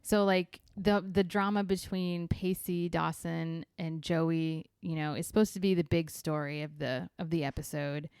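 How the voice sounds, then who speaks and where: A woman's voice: low voice, steady tone, a little slow, hardly any pauses, a little mellow, clear, resonant tone, dry recording, studio quality. A woman co-hosting a podcast, chatting casually and laughing often. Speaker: podcast co-host. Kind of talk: casual chat.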